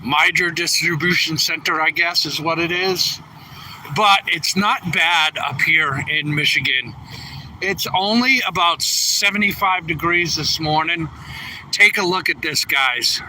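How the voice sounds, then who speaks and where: Bright, slow-talking trucker man streaming. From New England. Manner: chatty, reads viewer comments aloud. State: a little tired. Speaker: truck driver livestreaming. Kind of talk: casual live stream chat. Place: outdoors at a truck distribution center. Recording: distant phone mic with faint traffic noise. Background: trucks rumbling.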